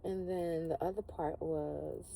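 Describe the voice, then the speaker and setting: Low gravelly woman doing a chatty tarot reading, swears a lot, mellow tone. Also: steady tone, unhurried, slight background noise, rough recording. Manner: loose, chatty and frank, laughing, swearing. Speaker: tarot reader. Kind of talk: casual spoken tarot reading.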